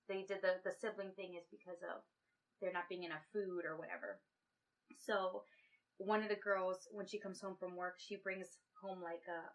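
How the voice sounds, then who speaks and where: A woman's voice: mid-range voice, a bit bright. A woman co-hosting a casual podcast, retelling a movie plot in a rambling way and acting out the characters' lines. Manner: rambling plot recap with acted-out quotes. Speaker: podcast co-host. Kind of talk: casual chat.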